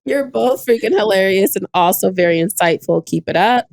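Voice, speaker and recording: A woman's voice: mid-range voice, lively intonation, moderate pace, creaky, a little mellow, no room sound. A young adult woman co-hosting a podcast in casual chat, blunt and joking, full of slang. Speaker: podcast co-host.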